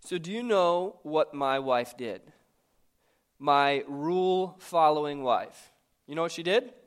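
A man's voice: fairly high pitch, slow pace, smooth. Man in his thirties telling a story. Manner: lively, conversational and self-mocking. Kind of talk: storytelling sermon.

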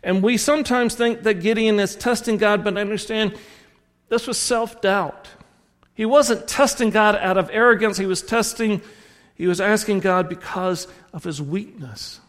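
A man's voice: sits high, normal speed. A man with a Southern American accent preaching a sermon, telling stories and correcting himself as he goes. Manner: rambling storyteller, self-correcting with restarts. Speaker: pastor. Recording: long hall reverb.

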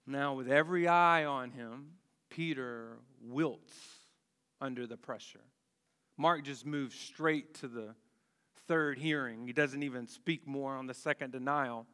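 A man preaching a sermon, deliberate and emphatic, with dramatic pauses and rhetorical questions. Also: mid-range voice, fairly bright tone, smooth. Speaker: pastor. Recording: long hall reverb.

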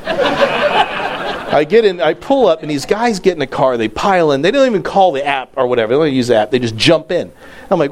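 Male pastor, slightly higher voice, lively and conversational storyteller in a sermon. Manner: animated storytelling, voice jumping high and dropping low; conversational, acting out quotes.

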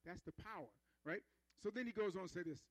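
A man's voice: high voice, fast talker, no echo, low-quality recording. A man preaching a sermon in a conversational style, calling for responses from the congregation and building rhythmic emphasis.

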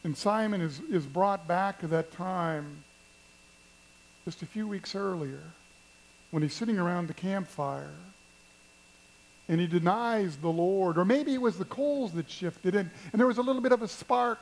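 A pastor preaching a sermon at a church service, telling stories and addressing the congregation with emphasis. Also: male voice, sits high, unhurried, slight background noise, rough recording. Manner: storytelling, emphatic, speaks to the congregation.

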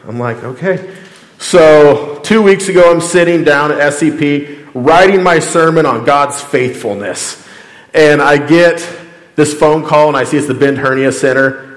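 A man's voice: a little high, normal speed. Man pastor, conversational sermon, tells stories with quoted dialogue, roomy reverberant hall. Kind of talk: casual sermon with storytelling.

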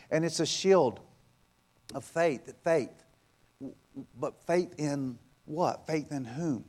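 Delivering a sermon, a man of the pulpit repeats himself with emphasis, throws out rhetorical questions and moves from loud stretches to quiet ones. His pitch is fairly high.

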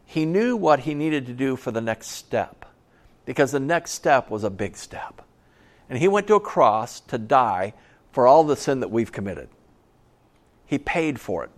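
Middle-aged male pastor, emphatic sermon delivery, repeats key lines, mid-pitched voice, folksy asides. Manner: conversational storytelling asides.

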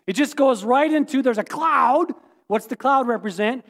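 High-voiced animated preaching man. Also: normal speed. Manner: animated, playful, quizzes congregation. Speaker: pastor. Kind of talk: sermon. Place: church sanctuary. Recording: echoey hall reverb.

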